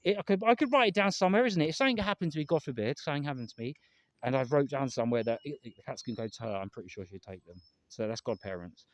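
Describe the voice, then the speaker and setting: A man's voice: medium pitch, animated, rapid-fire, no echo. A man talking to camera in a casual, rambling vlog, earnest and emotional, often repeating himself and swearing. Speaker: vlogger.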